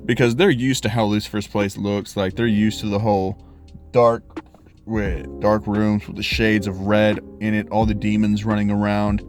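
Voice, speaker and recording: Slangy young man telling a fan story. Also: on the low side. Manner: loose, slangy storytelling with swearing and quick voiced asides. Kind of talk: casual spoken fan story.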